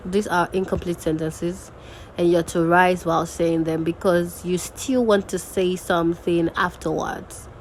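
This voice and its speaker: A woman's voice: on the low side, slight background noise, rough recording. A woman teaching intonation in an online lesson, demonstrating example sentences with exaggerated rising and falling tones. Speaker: diction teacher. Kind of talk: webinar lesson.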